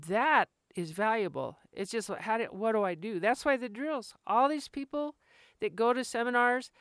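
Chatty middle-aged woman, smooth dry voice. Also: mid-range voice, no echo. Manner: chatty, restarts sentences, laughs often. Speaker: dog trainer and podcast host. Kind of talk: casual podcast monologue.

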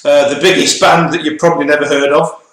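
Animated man ranting, echoey room. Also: fairly high pitch, fast talker. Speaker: co-host. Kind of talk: casual banter.

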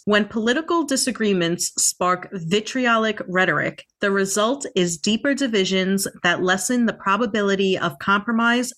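A woman co-hosting a casual book podcast, playful and quick to laugh. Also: mid-range voice, fairly bright tone. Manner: giggly, playful, breaks into laughter. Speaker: podcast co-host.

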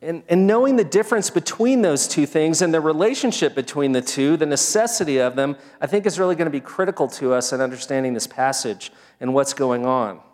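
A man preaching a sermon, opening with a prayer, talking in a measured, earnest way that builds each point in short phrases. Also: on the high side, darkish tone. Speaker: pastor. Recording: long reverb of a large hall.

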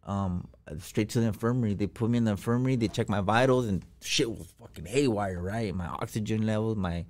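A man's voice: fairly low pitch, brisk, a little mellow. A man telling a personal story as a podcast guest, in slangy, profane casual talk full of fillers.

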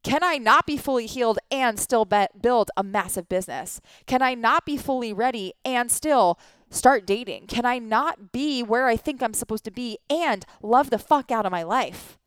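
A woman's voice: on the high side, lively intonation, moderate pace, a bit bright, clean tone, no room sound. A woman in her thirties, a life coach, giving an earnest motivational talk full of rhetorical questions and casual swearing. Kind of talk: motivational monologue.

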